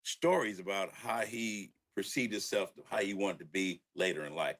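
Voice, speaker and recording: An older man, a record producer, telling stories from his early studio days in a relaxed interview, laughing and acting out what people said. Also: low-pitched, normal speed. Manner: laid-back storyteller who laughs and acts out quotes. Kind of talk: storytelling interview.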